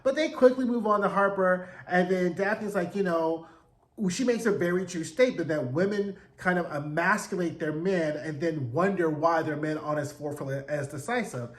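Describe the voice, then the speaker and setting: A man with a high voice recaps a TV episode in loose, sassy commentary. He jumps into quick impressions of the characters and swears freely. The sound is echoey, as if recorded in a bare room. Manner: peppered with profanity and rhetorical "right?". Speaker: TV recap host.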